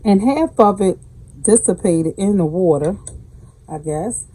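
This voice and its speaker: A woman's voice: mid-range voice, lively intonation, a little slow, mellow, a little hiss or hum, poor audio. A woman with a Southern American accent hosting a home cooking tutorial in her kitchen, chatting folksily and calling her viewers baby. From Southern United States. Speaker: cooking channel host.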